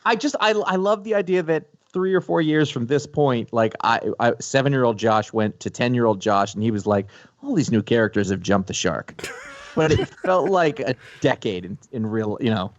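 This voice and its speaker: A man co-hosting a podcast in casual chat, telling stories in an animated way and laughing often. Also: mid-range voice, moderate pace, no room sound, lo-fi sound. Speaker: podcast co-host.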